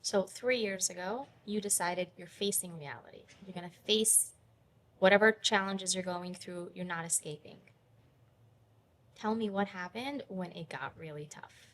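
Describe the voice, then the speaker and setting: A woman hosting a podcast, asking gentle, encouraging interview questions. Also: on the low side, measured pace, a little hiss or hum. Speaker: podcast host.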